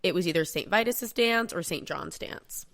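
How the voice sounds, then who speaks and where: A woman's voice: fairly low pitch, animated, moderate pace, creaky. A woman co-hosting a casual history podcast, explaining events steadily and quoting from sources. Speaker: podcast co-host.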